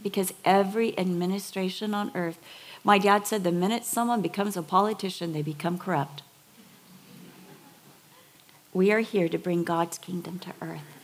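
A woman's voice: lowish voice, steady tone, a little fast. A middle-aged woman preaching a sermon, telling stories with feeling and building to emphatic, repeated words. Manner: emotional storytelling, building to emphatic repetition.

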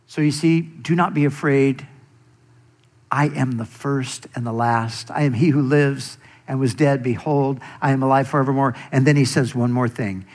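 A man preaching a sermon as pastor, speaking deliberately and giving quoted scripture extra weight. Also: on the high side.

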